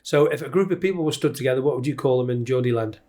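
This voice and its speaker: A middle-aged man with a Manx accent, talking at a brisk clip in a relaxed interview. He is a chatty storyteller who acts out the people in his anecdotes. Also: medium pitch. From Isle of Man. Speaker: guest commentator. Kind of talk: casual interview chat.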